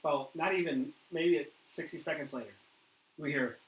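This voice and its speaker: A man hosting a paranormal interview, telling a ghost story in a lively way and acting out what others said. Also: fairly high pitch, moderate pace. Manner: animated storyteller, acts out quoted dialogue. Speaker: paranormal investigator host. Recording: echoey room with faint noise.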